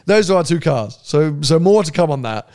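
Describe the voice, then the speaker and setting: Gravelly-voiced chatty man. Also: a little high, expressive, normal speed. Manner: chatty, laughs often, trails off into quieter asides. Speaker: podcast co-host. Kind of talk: casual podcast chat.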